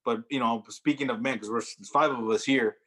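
A man co-hosts a casual radio talk show in a mid-pitched voice. He is blunt and profane. He rambles through his opinions, tossing in plenty of filler. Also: fairly even intonation, a little fast, a bit bright. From Mexican-American. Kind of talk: casual podcast chat. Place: radio studio.

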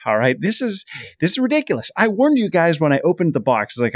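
A man's voice: a little high, big pitch swings, fast, no room sound, studio quality. A man hosting a casual podcast chat, steering the conversation. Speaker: podcast host.

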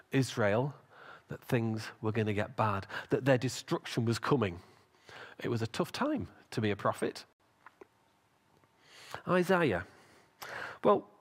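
A man preaching a sermon, retelling a story with lively acted-out voices. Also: medium pitch, unhurried, breathy edge. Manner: animated storytelling with acted quotes.

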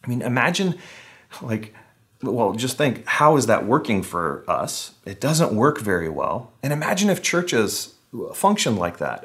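A man's voice: mid-range voice, big pitch swings, a little slow, a bit bright. A man preaching a casual, conversational sermon online, with wry humor, acting out the voices he quotes. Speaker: pastor.

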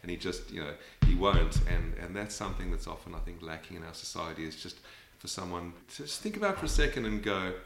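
A man's voice: low voice, animated, quick pace, hardly any pauses. An Australian man talking thoughtfully as an interview guest, rambling with many fillers. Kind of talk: reflective conversational interview. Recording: roomy echoey sound.

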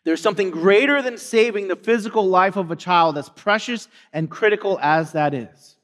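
High-voiced male preacher in a reverberant hall. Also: moderate pace, a bit bright. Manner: conversational storytelling preaching, emphatic repetition. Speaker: pastor. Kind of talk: sermon.

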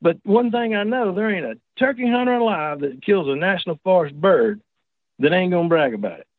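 A man's voice: sits high, animated, fairly quick, dry recording. Man rambling over a tinny phone. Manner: rambling, folksy, with many restarts. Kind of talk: casual first-person storytelling. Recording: tinny dry phone line.

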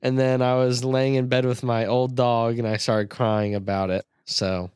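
A man's voice: mid-range voice, flat delivery, normal speed, a little mellow, clean tone, dry recording, clean studio sound. A man co-hosting a casual podcast, laid-back, laughing and cursing offhand. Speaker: podcast co-host.

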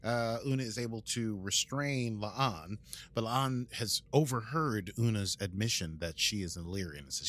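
A US podcast host with a lowish, fairly bright voice recaps an episode at normal speed, his intonation lively. He keeps it casual, rambling and playful, and adds sound effects.

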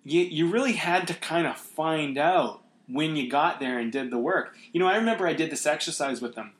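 A man's voice: on the high side, fairly quick, fairly bright tone, roomy sound. A man hosting a podcast, talking casually and reflectively with many restarts. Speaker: podcast host. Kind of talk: casual conversation.

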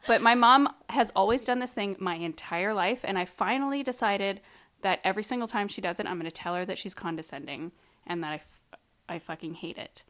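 A woman's voice: mid-range voice, fairly quick, fairly bright tone. Exasperated sweary woman in her thirties. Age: 30s. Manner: exasperated storytelling with sweary outbursts. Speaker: podcast co-host. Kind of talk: casual chat.

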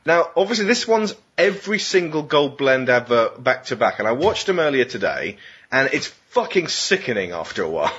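A man's voice: medium pitch, very animated, moderate pace, fairly bright tone, husky. A man hosting a casual quiz, making sweary, exasperated jokes. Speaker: quiz host. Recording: muffled lo-fi recording.

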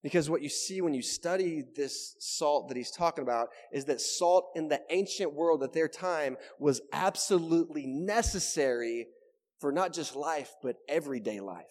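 A man's voice: a little high, lively intonation, moderate pace, a little mellow, big-room sound. A man preaching a sermon as pastor, conversational and emphatic, often checking in with the congregation. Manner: conversational and emphatic, keeps asking "right?". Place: church.

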